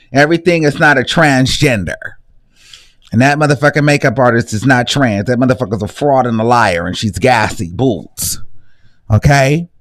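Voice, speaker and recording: A man's voice: mid-range voice, a bit bright. A young adult man hosting a live stream, ranting bluntly and profanely. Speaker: host.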